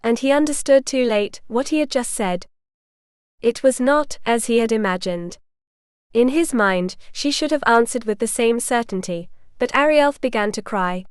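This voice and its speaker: A woman narrating a historical romance audiobook in a calm, even storytelling manner. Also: a little high, normal speed, clear, resonant tone, dry recording, clean studio sound.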